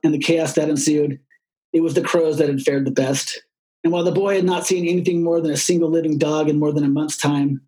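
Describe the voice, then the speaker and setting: A man narrating an audiobook in a steady, measured storytelling voice. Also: fairly high pitch, low-quality recording.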